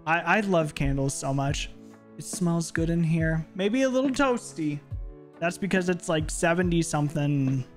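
A man's voice: fairly high pitch, expressive, moderate pace, soft background music. A man streaming a game from his home office, chatting casually and rambling with playful asides. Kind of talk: casual gaming stream chat.

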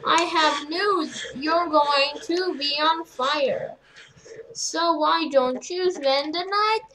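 A woman gamer talks over her horror game playthrough in a strikingly high voice. She drawls slowly, wanders through silly jokes and yelps when startled. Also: fairly bright tone, slight background noise, rough recording. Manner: jumpy, rambling, silly jokes, sudden yelps. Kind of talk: let's play commentary.

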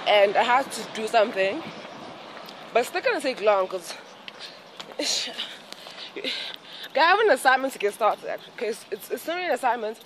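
A young woman chatting casually in her vlog, excitable and rambling, with frequent giggles. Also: a little high, background noise. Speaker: vlogger.

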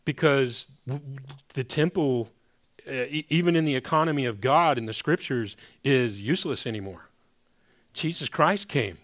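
Man preaching with hushed, emphatic turns. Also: mid-range voice, moderate pace. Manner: conversational preaching with sudden emphatic rises and hushed drops; addresses congregation as brothers and sisters. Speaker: pastor. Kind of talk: sermon.

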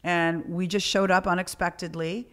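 A woman's voice: fairly low pitch, level tone, moderate pace, fairly bright tone. A middle-aged woman hosting a podcast, telling a story in a casual, profane way and acting out the dialogue. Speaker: podcast host.

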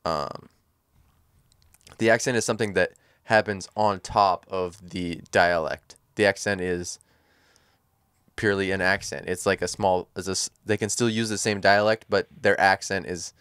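A man's voice: sits low, steady tone, normal speed, a bit bright, clear, resonant tone, no echo, clean studio sound. A man co-hosting a casual podcast chat, thinking aloud in rambling sentences full of fillers. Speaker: podcast co-host.

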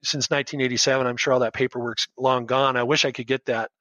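A man's voice: mid-range voice, little pitch movement, fast talker, fairly bright tone, no echo, lo-fi sound. A man in his fifties from the United States, a teacher, telling his story as a podcast guest in an earnest, emotional way with many restarts. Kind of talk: casual storytelling interview.

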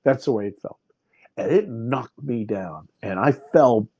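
A man's voice: mid-range voice, lively intonation, unhurried, warm tone, husky, no echo. A man in his fifties, a podcast guest, vividly retelling a personal experience with many restarts. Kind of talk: personal storytelling in an interview.

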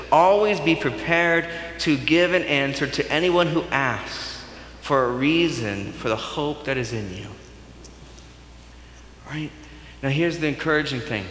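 A male pastor giving a sermon, in a conversational and animated way. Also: mid-range voice, slight background noise. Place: church sanctuary. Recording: echoey church hall.

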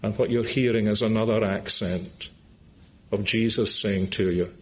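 A man's voice: on the low side, fairly even intonation, normal speed, fairly bright tone. A man with a Scottish accent preaching a sermon in a church meeting, making earnest, pleading appeals to his listeners and closing in prayer.

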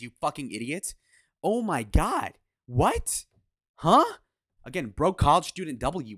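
A man's voice: mid-range voice, fairly bright tone, no echo. Male reaction host: heated rants, sarcastic, crude, dry close mic. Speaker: reaction commentator. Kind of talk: reacting to podcast clips.

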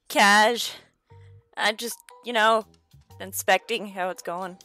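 A woman doing let's play commentary on a game, excitable, swearing, shrieking and laughing as she plays. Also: medium pitch, slow, pauses often, faint music behind. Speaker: gaming video creator.

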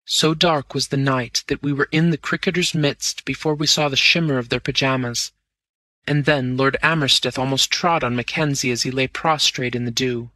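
A man reading a classic story aloud in measured first-person narration. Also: medium pitch, fairly even intonation, bright, forceful tone, no room sound. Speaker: audiobook narrator.

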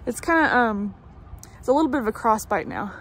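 Chatty woman with a slightly high voice. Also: sing-song, brisk, a bit bright, slight background noise. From United States. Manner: chatty, rambling, many fillers and restarts. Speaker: vlogger. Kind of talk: casual vlog update. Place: home in summer, traffic passing outside.

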